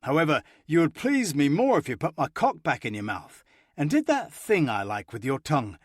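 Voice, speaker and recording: A man voicing a confident, commanding adult male lover in an audiobook, with slow, teasing delivery. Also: on the high side, sing-song, no room sound, studio quality. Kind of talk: audiobook character voice.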